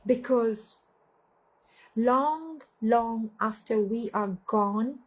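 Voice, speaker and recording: Slow, earnest woman speaker. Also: fairly high pitch, poor audio. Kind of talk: motivational talk. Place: Facebook live stream.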